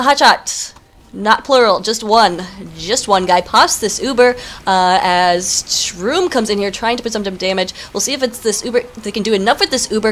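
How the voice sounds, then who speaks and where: A young woman giving live play-by-play commentary on a team video game, chatty and excitable, with joking asides. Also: mid-range voice. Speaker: esports caster.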